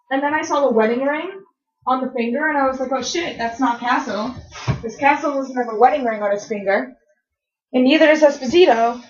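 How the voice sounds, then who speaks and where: A woman filming a rambling, emotional fan reaction vlog at home, gushing and trailing off mid-sentence. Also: sits high. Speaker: vlogger reacting to a TV episode. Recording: dull lo-fi webcam audio.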